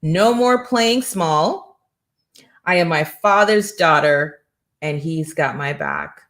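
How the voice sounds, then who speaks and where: A woman's voice: low voice, very animated, slow pace, fairly bright tone. A middle-aged woman hosting a morning show, giving a faith-based motivational talk with an emphatic, preacherly rhythm and repeated rhetorical questions.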